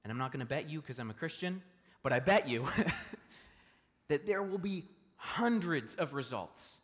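A man's voice: on the high side, expressive, measured pace, a bit bright, big-room sound. A man preaching a sermon from a church stage, conversational and often asking the congregation questions. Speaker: pastor.

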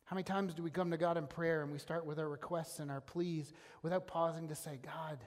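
A man's voice: a little high, steady tone, fast talker. A man preaching a sermon as a pastor, earnest and emphatic, often restarting his phrases. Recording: long hall reverb.

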